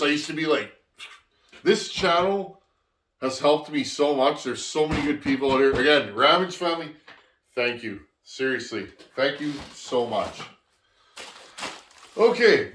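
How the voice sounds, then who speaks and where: A man's voice: medium pitch, expressive, moderate pace, a bit bright, distant mic. A man from Canada hosts his chainsaw channel, chatting to viewers as he opens parcels and doubling back on his words as he goes. His voice carries an echo from a roomy workshop. He stands a little way from the mic, and faint noise sits underneath. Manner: rambling, restarts, addresses viewers as friends. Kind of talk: casual vlog, opening mail.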